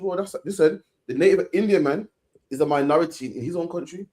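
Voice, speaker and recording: Fast-talking emphatic Englishman, ranting. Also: a little high, a little mellow. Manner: emphatic, ranting, repeats "man" at line ends. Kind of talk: casual discussion.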